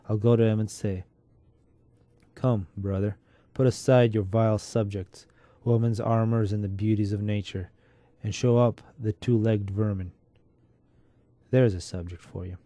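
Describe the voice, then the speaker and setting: A man's voice: on the low side, mellow, no echo, natural voice. A man reading the part of a sick, bitter, mocking middle-aged Russian clerk in a sardonic, lecturing way.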